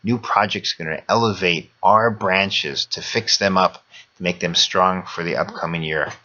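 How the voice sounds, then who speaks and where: Deep-voiced man giving a holiday sermon. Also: moderate pace, pushed and bright, lo-fi sound. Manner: storytelling, repeats phrases for emphasis. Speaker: religious speaker.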